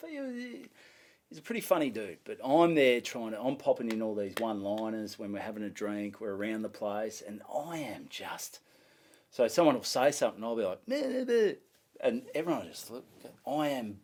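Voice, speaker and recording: An Australian man spins a story in loose, relaxed chat, with salty language throughout. He keeps jumping into the voices of the people he describes, so his telling stays lively. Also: fairly low pitch, fairly quick. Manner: animated, swearing, acts out voices in his stories. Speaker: comedian guest.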